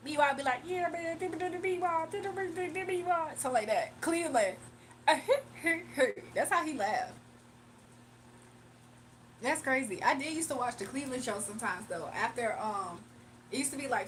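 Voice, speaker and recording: With a slightly high, somewhat bright voice, a young woman hosts a relaxed live stream, chatting with her audience in slang and laughing frequently. She reads chat comments aloud, and a faint hiss or hum sits under the recording.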